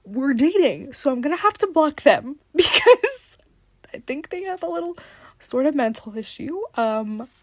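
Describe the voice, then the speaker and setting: A woman's voice: high-pitched, very animated, measured pace, no room sound. A young woman hosting a podcast, telling stories in a rambling, dramatic way and laughing often. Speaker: podcast host. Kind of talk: casual podcast monologue.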